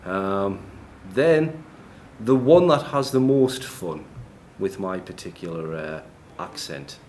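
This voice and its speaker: A man with a fairly low voice talks a conference crowd through a live demo. He keeps it loose and joking, laughing and pausing on ums. A faint hum of the room sits behind him. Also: animated, darkish tone. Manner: chatty, joking, laughs often, many ums. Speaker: conference speaker. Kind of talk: live tech demo talk. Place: noisy, echoey conference room.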